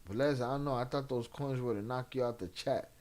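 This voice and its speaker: A man's voice: mid-range voice, brisk, noisy background. Profane casual streamer, a man. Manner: loose, profane, mixes in Spanish slang. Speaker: streamer reacting and reading chat. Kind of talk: casual live-stream chat.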